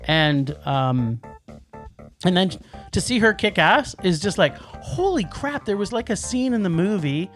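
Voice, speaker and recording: A man's voice: sits high, animated, a little slow, fairly bright tone, faint music behind. A man co-hosting a movie podcast in casual chat, rambling with restarts and laughs. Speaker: podcast co-host.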